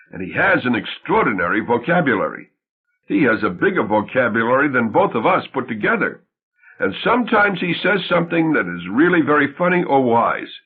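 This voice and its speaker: A man voicing an emotional young wife, tender and anxious, whose voice rises with excitement, in a tinny, phone-like recording. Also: mid-range voice, breathy edge.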